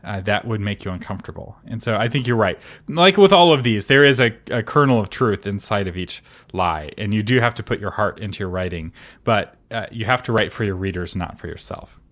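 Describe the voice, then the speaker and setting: A man co-hosting a writing podcast, giving advice in a casual chat, emphatic with quick laughing asides. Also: on the low side, expressive, a bit bright. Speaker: podcast co-host and author consultant.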